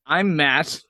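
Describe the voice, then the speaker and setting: A man's voice: a little high, pushed and bright, no room sound, studio quality. A man co-hosting a podcast, chatting casually and enthusiastically over a video call. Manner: enthusiastic, chatty, quick asides. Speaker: podcast co-host. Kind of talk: casual chat.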